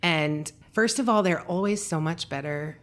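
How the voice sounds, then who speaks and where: Deep-voiced woman hosting a chat. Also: moderate pace. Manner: chatty, encouraging, playful. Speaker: interview host. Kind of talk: casual interview chat.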